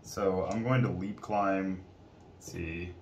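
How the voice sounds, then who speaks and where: A man's voice: deep voice, fairly even intonation, slow pace, darkish tone. A man talking through his moves in a tabletop miniatures game, matter-of-fact and casual. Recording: echoey room with faint noise.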